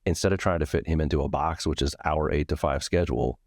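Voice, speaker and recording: Podcast host, male, rumbling bass voice, dry close mic, casual storyteller who acts out the dialogue. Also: quick pace, darkish tone, no echo. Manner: candid and profane, acts out both sides of a story.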